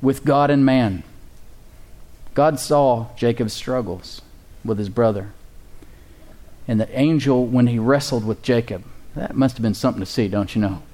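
A man's voice: mid-range voice, measured pace, mellow. Male pastor, sermon delivery, call-and-response, chuckling.

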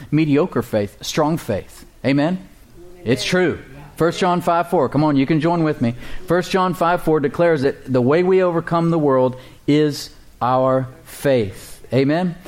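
A man preaching from the pulpit in a mid-range voice. He calls out to his congregation for responses and slows to a careful, deliberate pace when reading scripture. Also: mid-range voice, darkish tone. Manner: reads scripture slowly and deliberately. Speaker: pastor. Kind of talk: sermon.

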